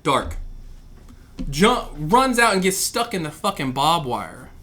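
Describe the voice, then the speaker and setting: A man in a casual podcast chat, telling profane, animated stories and acting out loud quotes. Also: fairly high pitch, slow pace.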